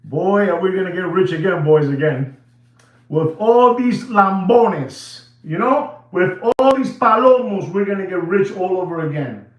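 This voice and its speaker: A man's voice: high voice, animated, a little slow, lo-fi sound. A man putting on the voice of a greedy male banker who gloats about getting rich, recorded in an echoey room from a distance. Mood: gloating.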